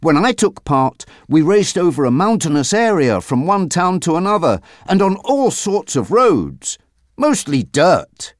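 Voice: medium pitch, very animated, a little slow, no room sound, studio quality, pitched above the performer's own voice. A narrator voicing a charming young motocross rider in a storybook reading.

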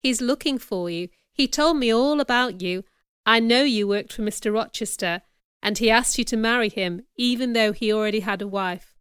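Earnest young male clergyman, stern and calm, a woman reading him a touch lower than her own bright, clear voice. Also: moderate pace, no echo, studio quality, natural voice. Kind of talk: audiobook character reading.

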